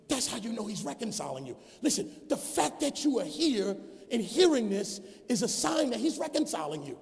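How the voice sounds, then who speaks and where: High, gravelly shouting preacher in a reverberant church. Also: male voice, very animated, normal speed. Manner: builds to shouted emphasis, calls for congregation response. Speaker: pastor. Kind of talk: sermon. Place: church sanctuary.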